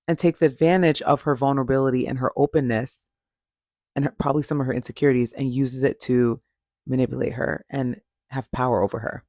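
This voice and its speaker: A man's voice: mid-range voice, a little mellow, no echo, studio quality. A man giving a blunt, sassy and profane casual recap of a reality TV show.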